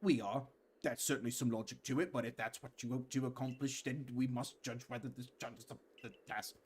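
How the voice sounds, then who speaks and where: A man's voice: mid-range voice, fairly even intonation, fairly quick, breathy edge, natural voice. A man voicing a proud, muscular male clan warden in a put-on accented voice. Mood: earnest.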